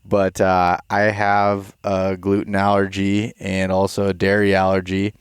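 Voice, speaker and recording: A young man hosting a podcast, chatting casually in a relaxed, rambling way, tired and a bit stuffed up after a long day outdoors. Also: deep voice, measured pace, smooth, no echo, clean studio sound. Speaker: podcast host. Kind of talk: casual chat.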